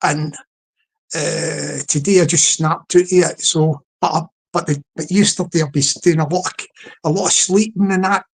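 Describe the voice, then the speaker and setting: A man with a London accent hosting a late-night solo live stream, telling a humorous hypothetical story in a rambling, halting way, full of restarts and greetings to the chat. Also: a little high, steady tone, creaky, husky.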